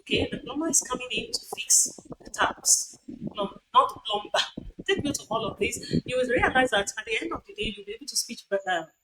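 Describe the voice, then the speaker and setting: A woman's voice: on the high side, very animated, a little fast. A woman lecturer with a Nigerian accent teaching phonetics, repeating example words aloud and asking her students rhetorical questions. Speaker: university lecturer. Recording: noisy lecture recording.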